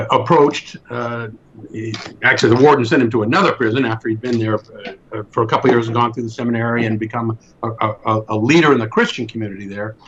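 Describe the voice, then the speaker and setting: A man's voice: mid-range voice, a little hiss or hum. Man, mid-range voice, emphatic storyteller, dull lo-fi recording. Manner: emphatic, repeats words as he builds a point. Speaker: speaker in a faith discussion. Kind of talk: earnest storytelling talk.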